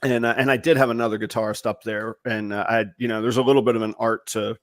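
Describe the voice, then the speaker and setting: A middle-aged man hosting a podcast, chatting casually and telling animated, salty stories. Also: on the low side, fast, no room sound, clean studio sound. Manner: animated, swearing storyteller. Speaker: podcast host.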